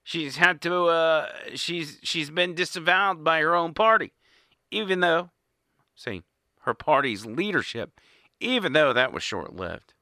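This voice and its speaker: A man's voice: fairly high pitch, expressive, a little slow, pushed and bright, dry recording. A man giving an indignant, sarcastic political monologue as host, recorded in a small studio. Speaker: political commentator. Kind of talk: opinionated monologue.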